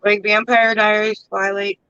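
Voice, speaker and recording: A woman's voice: medium pitch, flat delivery, measured pace, bright, forceful tone, smooth, no room sound, lo-fi sound. A woman co-hosting a casual live stream, chatting and telling stories. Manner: chatty storyteller.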